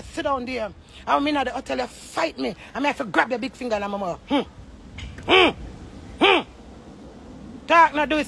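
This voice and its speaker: A woman's voice: high-pitched, creaky, sharp tone, slight background noise. A Jamaican woman ranting angrily on a phone livestream, heated, profane and accusing. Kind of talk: angry livestream rant.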